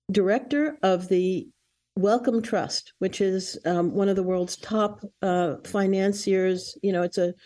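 Earnest woman with a mellow voice. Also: mid-range voice. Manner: earnest, warning, with fillers and restarts. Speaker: guest. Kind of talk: interview answers.

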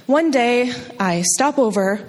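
A woman's voice: lively intonation, slow. Self-deprecating woman storyteller on stage. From New Jersey. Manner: self-deprecating, jumps high for quoted voices. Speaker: storyteller at a live show. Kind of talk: live comedic storytelling. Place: stage in a hall. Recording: long hall reverb.

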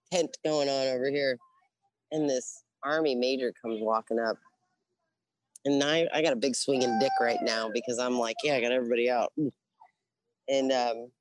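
Low, dry-voiced middle-aged woman, blunt and profane storyteller, lively quotes. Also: no echo. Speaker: interview guest, Navy veteran. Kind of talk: casual storytelling.

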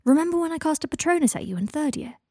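A woman reading fiction aloud, voicing a giddy young man who is high at a party, with eager, breathless questions. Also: expressive, rapid-fire, dark tone, no room sound, clean studio sound.

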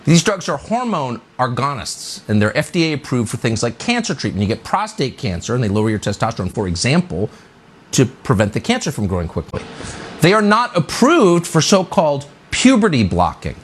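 A male host delivers a sarcastic, indignant monologue with dramatic swings in pitch. His voice is husky and a little breathy, and he leans hard on key words. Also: wildly swooping pitch, a little fast. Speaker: commentary show host. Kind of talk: opinion monologue.

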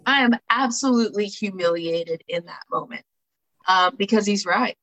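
Bright clear woman telling her recovery story, casual and chatty, lots of um and right. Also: medium pitch, normal speed, dull audio. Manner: conversational, frequent "right?" tags and fillers. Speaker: speaker sharing a recovery story. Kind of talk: candid personal talk with book reading.

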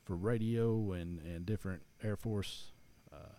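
A man's voice: low voice, unhurried, warm tone. A man, chatting casually and rambling with many restarts. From East Tennessee. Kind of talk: casual chat.

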